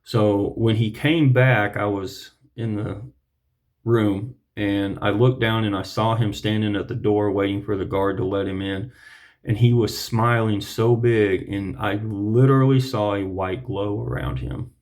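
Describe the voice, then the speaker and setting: A preacher telling his personal testimony in an earnest, reflective way, often pausing to clear his throat. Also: fairly low pitch, fairly even intonation, darkish tone.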